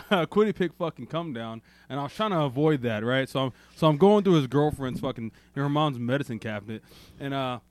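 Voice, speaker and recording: A man's voice: medium pitch, lively intonation, brisk, dry recording. A man telling a crude story in a casual podcast chat, swearing constantly and laughing as he goes. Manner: profane, laughs through his story. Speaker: podcast co-host.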